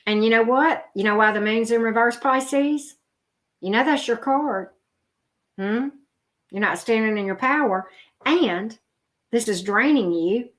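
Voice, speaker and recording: A woman's voice: a little high, unhurried, long pauses. Chatty blunt woman reading tarot. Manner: chatty, blunt, talks straight to viewers. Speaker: tarot reader. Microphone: video camera.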